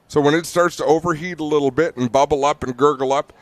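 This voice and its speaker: A man's voice: on the high side, fast, no room sound. A man calling a race live at an outdoor speedway, explaining the cars in easygoing, joking banter with his co-host. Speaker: race commentator.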